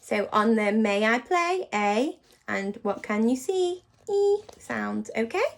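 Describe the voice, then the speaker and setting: A woman teaching a phonics lesson to young children, encouraging and sounding words out slowly and clearly. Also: fairly high pitch, a little hiss or hum. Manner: lively, encouraging, slow and exaggerated sound-by-sound.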